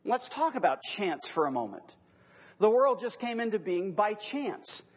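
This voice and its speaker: A man with a high, husky voice gives a lecture to a live audience. He talks conversationally and then slows down to repeat his key phrases for emphasis. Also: very animated. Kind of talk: classroom lecture on apologetics.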